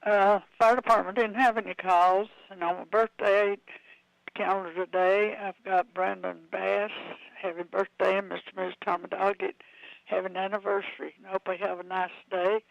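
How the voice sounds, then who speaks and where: Flat-voiced woman on a dull phone line. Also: medium pitch, normal speed, vocal fry, dry recording. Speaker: caller with community report. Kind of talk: brief call-in report.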